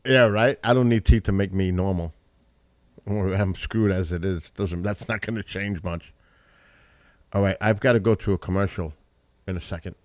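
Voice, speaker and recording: A middle-aged man runs his own live stream in a low voice, chatting loosely and drifting from thought to thought. The sound is close and dry, with no room around it. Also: moderate pace, dry recording. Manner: rambling, talks to chat and family, breaks into loud exclamations. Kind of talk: casual live stream chat.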